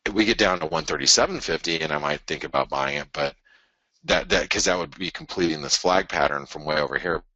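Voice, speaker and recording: A man hosting a live forex show, walking through price charts in an animated, restless way, often restarting sentences and arguing with imagined viewers. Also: extremely low pitch, a little fast, no echo, lo-fi sound. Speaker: forex market show host. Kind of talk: live trading chart analysis.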